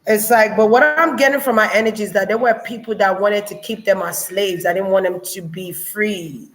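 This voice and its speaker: A woman, giving a casual spiritual channeling reading, musing slowly with many fillers and restarts. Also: medium pitch, poor audio.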